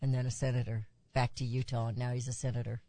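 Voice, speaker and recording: Here the talk radio host speaks fast in a level, dark tone, with no room sound at all. She delivers an emphatic political monologue, rising in pitch on key points and adding asides along the way.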